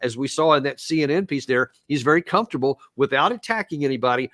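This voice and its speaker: Guy hosting a politics show, mid pitch, dry mic, easygoing and probing. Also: expressive, fast, fairly bright tone, no echo. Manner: conversational, probing, chuckles. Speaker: podcast host. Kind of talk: interview questions and commentary.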